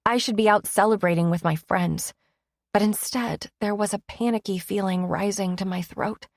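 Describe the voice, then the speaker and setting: A woman's voice: medium pitch, steady tone, moderate pace, creaky, dry recording, clean studio sound. A woman narrating a first-person romance audiobook in an emotive, intimate reading.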